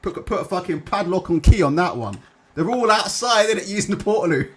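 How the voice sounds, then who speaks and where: A man's voice: sits high, expressive, fairly quick, a bit bright, slight background noise. A young man hosting a live chat, reading out comments and ranting with lots of swearing and "innit". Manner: swearing, rambling, fillers like "innit" and "yeah". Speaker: live stream host.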